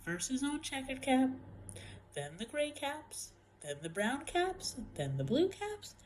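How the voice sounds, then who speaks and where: A woman reading a children's picture book aloud in an expressive, playful way, sometimes dropping to a whisper. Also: high-pitched, slow pace, slight background noise, poor audio. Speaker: storyteller.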